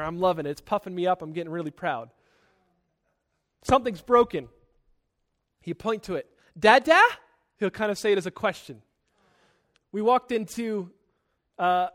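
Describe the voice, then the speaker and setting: High-voiced man preaching emphatically. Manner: emphatic, swings between loud and soft; repeats words when starting sentences. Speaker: pastor. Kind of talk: sermon.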